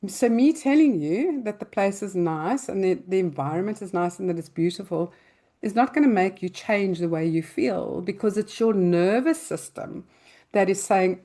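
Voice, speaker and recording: Older woman explaining calmly. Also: mid-range voice, normal speed. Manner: calm, explaining with everyday examples; loosely spoken, with restarts and fillers. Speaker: parenting advice host. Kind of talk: answering listener questions.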